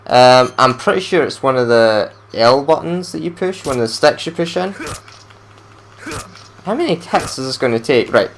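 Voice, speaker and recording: A man's voice: mid-range voice, expressive, moderate pace, slight background noise. A man giving casual let's play commentary as he plays, chatting to himself and grumbling when things go wrong. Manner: chatty, talks to himself while playing, frustrated outbursts.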